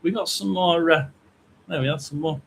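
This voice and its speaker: A middle-aged man talks loosely and casually to his livestream viewers, rambling from one thought to the next. His voice sits a little high for a man. A faint hum runs behind him. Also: moderate pace, vocal fry, a bit bright, rough recording. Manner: rambling, chatty, reads out viewer names. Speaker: psychic livestream host.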